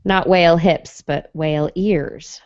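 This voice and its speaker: A woman's voice: fairly low pitch, steady tone, slow pace, darkish tone, clear, resonant tone, no echo, highs cut off. A woman hosting a science podcast, chatty and jokey, reading news stories with playful asides. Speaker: podcast host. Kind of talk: casual science podcast chat.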